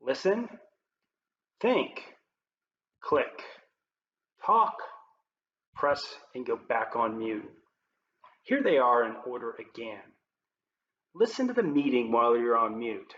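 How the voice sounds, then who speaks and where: A man presenting as a leadership coach, giving scripted tips to camera in a clear, upbeat presenter manner. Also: mid-range voice, very animated, slow, pauses often. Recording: roomy, slightly dull with faint noise.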